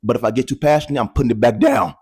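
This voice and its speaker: A man in his twenties talking to viewers in a casual, animated testimony, repeating phrases for emphasis, into a handheld microphone. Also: medium pitch, rapid-fire, slightly rough. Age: 20s. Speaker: vlogger.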